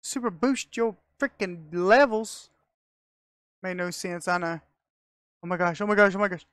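A woman giving casual, excitable commentary as she plays a video game, talking to herself and laughing often, recorded on a close mic. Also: lowish voice, moderate pace, no room sound. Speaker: gamer.

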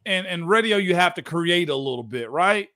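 A man's voice: high-pitched, lively intonation, normal speed, sharp tone. A man, hosting a casual sports podcast and laughing often. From United States. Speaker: podcast host.

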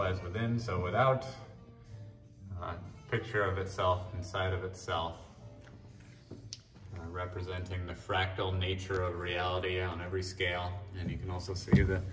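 A man giving a relaxed, rambling tour of his paintings in a gallery, with an Australian and New Zealand mix of accent. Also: sits low. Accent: mixed Australian and New Zealand. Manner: relaxed, musing, with fillers and restarts. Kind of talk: casual walk-and-talk. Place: historic house gallery, indoors. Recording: roomy and distant, faint music behind.

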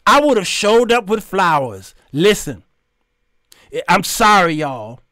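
A middle-aged man, hosting his show and telling a story in an animated, preachy way with sudden shouts. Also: high voice, measured pace, no room sound, studio quality. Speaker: show host. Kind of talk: storytelling commentary.

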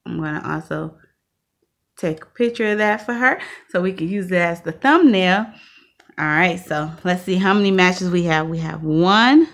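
A woman co-hosting a lottery ticket scratching video, talking casually and breaking into loud cheers. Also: on the low side, normal speed. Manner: upbeat, bursts into loud cheers. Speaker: channel co-host.

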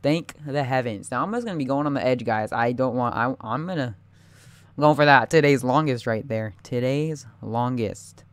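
A young man giving live gameplay commentary, anxious and excitable, often muttering and repeating himself. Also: mid-range voice, normal speed, clean tone, dry recording.

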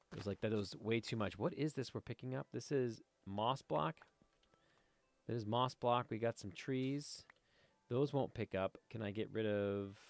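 A man's voice: fairly low pitch, dry recording. Rambling, chatty gaming commentator man. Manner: chatty and rambling, easily sidetracked, talks to the viewers and the game creatures. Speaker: let's play host. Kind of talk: casual gameplay commentary.

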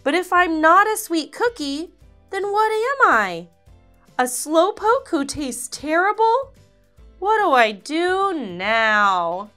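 A woman voicing a boastful, sassy little boy cookie in a children's storybook reading, with high, shouty, sing-song taunts. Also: big pitch swings, takes it slowly, soft background music, exaggerated voice. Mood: whiny.

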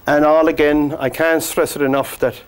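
A man teaching a painting demonstration, gently coaxing the brushstrokes as if talking to the paint. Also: fairly high pitch, flat delivery, normal speed, smooth. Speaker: painting instructor.

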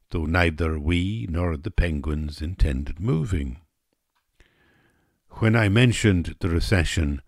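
An Irish man telling a wry story in an unhurried narration. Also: sits low, no echo, studio quality. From Ireland.

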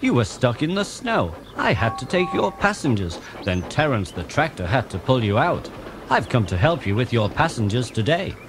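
A man's voice: medium pitch, big pitch swings, moderate pace, background noise, close to an everyday voice. A man voicing a boastful, teasing male country bus in a storybook reading. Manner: taunting, boastful. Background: music.

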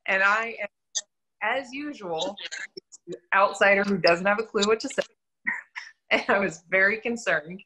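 A woman's voice: mid-range voice, measured pace, long pauses, sharp tone, breathy edge, low-quality recording. A young adult woman sharing her faith testimony in an interview, telling her story candidly and earnestly with self-deprecating humor.

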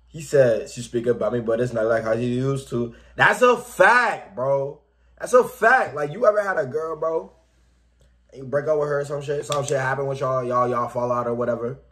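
A man's voice: mid-range voice, normal speed, a bit bright. A man hosting a music reaction video, chatting casually, calling everyone "man" and "bro" and rapping along with the track. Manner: laid-back, says "man" and "bro" constantly, raps along with the track. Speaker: reaction channel host.

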